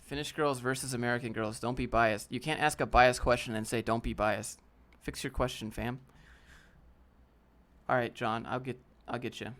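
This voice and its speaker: A livestream host with a medium-pitched, slightly bright voice keeps a steady tone and a moderate pace. He's at a desk setup with a DSLR camera, running a casual Q&A where he answers chat bluntly and critiques a viewer's portfolio with slang such as "fam" and "dude."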